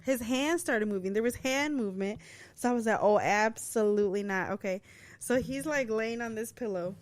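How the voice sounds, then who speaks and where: A woman co-hosting a podcast, telling a story in casual chat, expressive and laughing as she acts out the scene. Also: fairly high pitch, normal speed. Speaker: podcast co-host.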